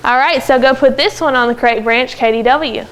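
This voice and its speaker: A woman teaching a second grade phonics lesson in a classroom, brisk and encouraging as she calls on pupils by name. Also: high voice, fairly bright tone. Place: classroom with children.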